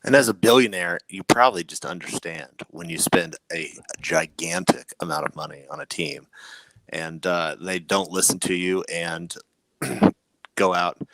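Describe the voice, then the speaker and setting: A man's voice: low voice, normal speed, vocal fry, fairly bright tone, no echo, poor audio. A young adult man on a casual sports podcast who drops dry, sarcastic quips. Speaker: podcast co-host. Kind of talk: casual chat.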